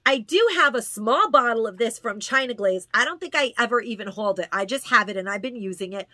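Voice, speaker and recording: A woman's voice: on the high side, fairly quick, sharp tone, no room sound. A woman chatting casually through a product haul, gushing and repeating words for emphasis. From New York. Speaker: haul vlogger.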